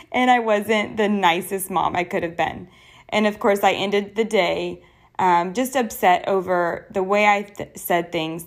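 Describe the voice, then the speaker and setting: A young adult woman hosts her own podcast in an earnest, personal way. She talks conversationally, with a voice that sits in a middle pitch. Her delivery is that of a solo speaker addressing listeners directly. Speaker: podcast host.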